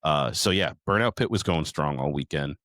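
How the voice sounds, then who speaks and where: A man's voice: very deep voice, animated, moderate pace, a bit bright, no echo, studio quality. A middle-aged man hosting a podcast, rambling through a profane, casual story recap. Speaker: podcast host.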